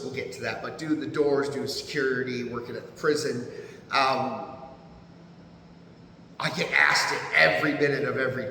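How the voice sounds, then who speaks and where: Animated American man in an echoey room. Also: medium pitch, slight background noise. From United States. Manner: animated, profane, laughs often. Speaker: podcast guest. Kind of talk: casual storytelling.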